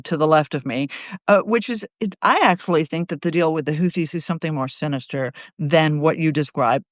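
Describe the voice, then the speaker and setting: A woman co-commenting on politics in a casual video-call chat, animated and sarcastic, full of jokey asides. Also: deep voice, dry recording, clean studio sound.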